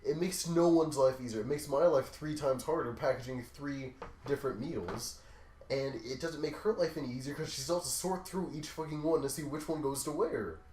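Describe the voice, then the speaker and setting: A young man casually telling long, profane work stories on a podcast, acting out the quotes loudly. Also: medium pitch, normal speed, a little hiss or hum. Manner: profane, animated storyteller who acts out quotes loudly. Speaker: podcast co-host. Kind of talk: casual storytelling chat. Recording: echoey room.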